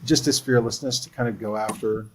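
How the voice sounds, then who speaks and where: A man's voice: medium pitch, fairly even intonation, a little fast, very noisy. Man telling earnest production stories. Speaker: film producer. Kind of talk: livestream interview.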